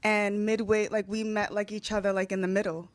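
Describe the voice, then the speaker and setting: A woman in her late thirties co-hosting a podcast, teasing and quick to correct the other host. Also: mid-range voice, flat delivery, no echo. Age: late 30s. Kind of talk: casual chat.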